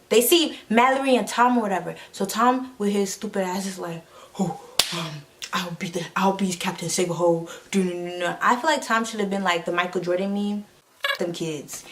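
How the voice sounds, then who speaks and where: A woman's voice: mid-range voice, a bit bright. A woman vlogger retelling a movie in a slangy, rambling way, full of fillers and sound effects. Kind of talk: casual comedic movie recap.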